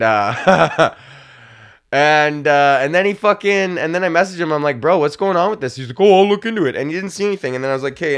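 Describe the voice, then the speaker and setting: A man's voice: fairly high pitch, fairly bright tone. Young male podcast host, casual comedic rant, profane and rambling, acts out the other voices, laughs often.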